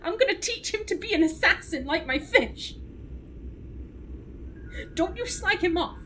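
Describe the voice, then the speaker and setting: Woman gamer, high voice, rambling, emphatic, casual commentary. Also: expressive, a little slow, pushed and bright, a little hiss or hum, poor audio. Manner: rambling, emphatic, many restarts. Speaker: gaming streamer. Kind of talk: casual let's-play commentary.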